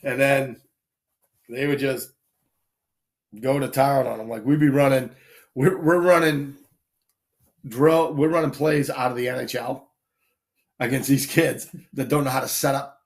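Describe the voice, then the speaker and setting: A man casually telling animated anecdotes on a live stream, acting out quick voices as he goes. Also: medium pitch. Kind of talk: casual storytelling.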